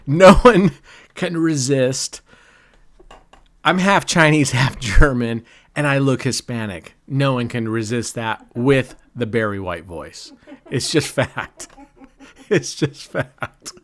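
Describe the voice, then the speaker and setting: A middle-aged man chats his way through a roulette session in an unhurried, drawn-out delivery. He jokes, laughs a lot and cheers or groans at each result. His pitch sits in a middle range for a man. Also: expressive, fairly bright tone. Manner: joking, chatty, laughs often. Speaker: casino vlogger. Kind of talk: casual live commentary.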